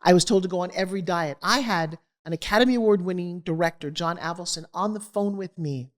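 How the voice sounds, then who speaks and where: Middle-aged woman, slightly low voice, candid and animated interview storyteller. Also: fast talker. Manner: animated, acts out quoted voices. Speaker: guest.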